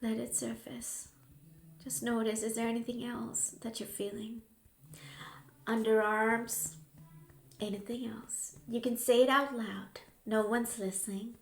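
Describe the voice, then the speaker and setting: A woman guiding a grief tapping session in a slow, soothing voice, now and then dropping to a soft whisper. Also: a little high, level tone, vocal fry, roomy sound. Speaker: healing coach.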